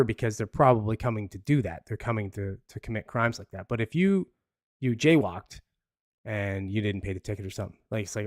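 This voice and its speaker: A man's voice: on the low side, a little fast, no echo, clean studio sound. A man hosting a live podcast, commenting in a casual, rambling, profane way with frequent laughs. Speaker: podcast host.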